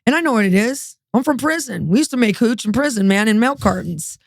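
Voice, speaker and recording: A woman's voice: a little high, a little fast, dry recording, studio quality. Streetwise woman telling a dramatic story. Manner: animated, acts out dialogue, streetwise. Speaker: guest. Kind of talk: testimony storytelling.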